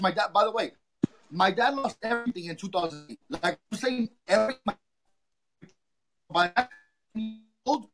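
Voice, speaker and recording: Halting high-voiced male guest, music behind. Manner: halting, searching for words. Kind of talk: interview answer.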